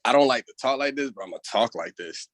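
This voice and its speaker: A man's voice: medium pitch, expressive, quick pace, fairly bright tone, no echo. A man working as a trading analyst, speaking earnestly and rambling, with spiritual asides. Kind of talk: casual livestream talk.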